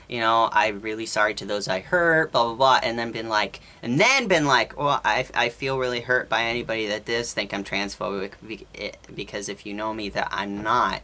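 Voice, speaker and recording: Bright-voiced exasperated vlogger ranting. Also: mid-range voice. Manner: rambling, exasperated, quotes others in conversation. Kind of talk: casual storytime rant.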